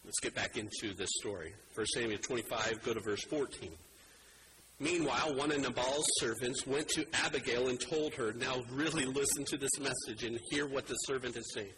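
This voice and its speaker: A man preaching a sermon and reading scripture aloud, swinging between animated emphasis and hushed, low delivery. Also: moderate pace, background noise. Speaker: pastor.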